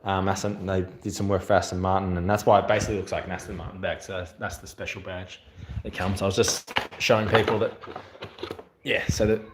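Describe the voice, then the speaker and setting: A man with an Australian accent hosts his channel's livestream in a deep, flat voice, talking a little fast against a noisy background. He rambles casually with plenty of fillers, reading out viewer comments in an echoey room.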